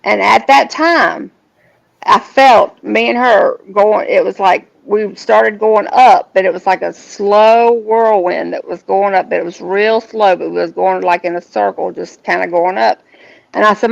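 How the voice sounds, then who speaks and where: A woman tells a personal story as a guest. Her voice has a heavy gravelly fry. She speaks earnestly and haltingly, restarting her sentences, and the recording sounds dull and lo-fi. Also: medium pitch, fairly even intonation.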